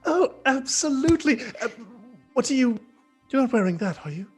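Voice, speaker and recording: A man voicing a flustered, excitable young noblewoman who gushes and stammers. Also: sits high, normal speed, soft background music, voice pushed up. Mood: fluttery. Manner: breathless, gushing, stammering.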